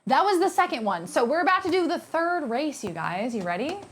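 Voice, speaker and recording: A woman's voice: high voice, big pitch swings, fairly quick, a little hiss or hum. A young woman streaming live, chatting casually and playfully with her viewers and thanking them by name.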